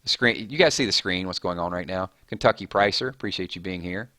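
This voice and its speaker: A man's voice: deep voice, sharp tone, no echo, studio quality. A man hosting a casual live stream, rattling off chat names and thanking viewers. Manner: rapid-fire, chatty, reading names off chat.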